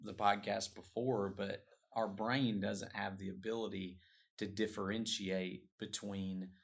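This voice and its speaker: A man's voice: fairly low pitch, little pitch movement, unhurried, gravelly. A man co-hosting a podcast, explaining ideas in a reflective, casual way. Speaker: podcast co-host. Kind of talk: casual conversation.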